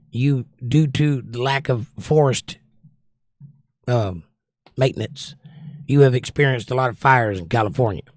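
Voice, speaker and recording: A man's voice: mid-range voice, measured pace, long pauses, no room sound, clean studio sound. A man hosting a casual livestream, reading out viewer comments and answering them in an opinionated, sarcastic rant. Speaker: livestream host.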